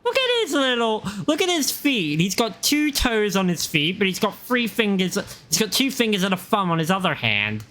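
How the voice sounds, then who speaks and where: A man giving casual, animated live-stream commentary on a game. He swears freely and quotes lines from it. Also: high-pitched, moderate pace, few pauses. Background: game music.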